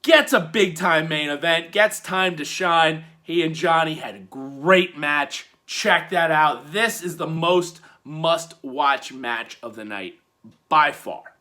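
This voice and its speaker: A man hosting a weekly wrestling review in casual commentary, swinging from loud hyped bursts to low muttered asides. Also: takes it slowly.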